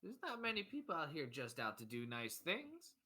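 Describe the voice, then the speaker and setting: A woman voicing a raggedy, grateful father who talks in a squeaky, eager, stammering way. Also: wildly swooping pitch, normal speed, bright, forceful tone, heavily acted.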